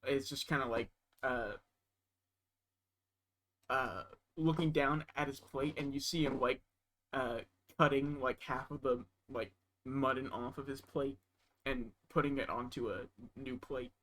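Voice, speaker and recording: A man's voice: medium pitch, steady tone, measured pace, a bit bright, a little hiss or hum, poor audio. A man narrating as game master, rambling with frequent fillers.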